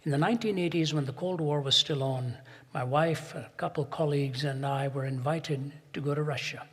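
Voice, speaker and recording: A man preaching a sermon in a large hall, telling stories, building to emphatic peaks and dropping soft for quoted asides. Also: fairly high pitch, moderate pace.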